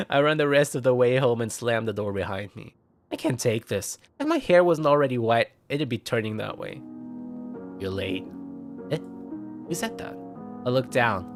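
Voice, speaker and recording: A man streaming himself reading a visual novel aloud, expressive, with sudden yelps and laughs. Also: medium pitch. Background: game music.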